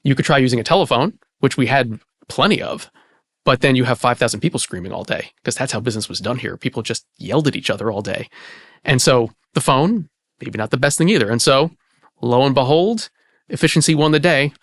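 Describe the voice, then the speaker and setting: A man, an archivist hosting the conversation, explaining in a relaxed way with lots of "you know" fillers. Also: mid-range voice, a little fast, no room sound. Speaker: archivist and host. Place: indoor archive space.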